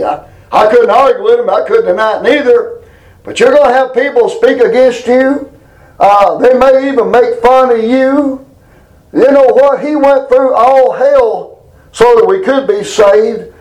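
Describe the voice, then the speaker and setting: High-voiced folksy preacher man. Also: moderate pace, darkish tone, low-quality recording. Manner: folksy, emphatic, reads scripture aloud with rising pitch. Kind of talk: informal Bible teaching.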